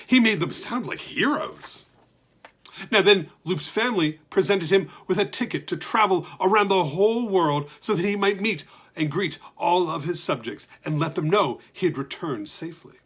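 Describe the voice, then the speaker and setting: A man reading a children's story aloud with lively, expressive narration. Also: high-pitched, moderate pace, breathy edge.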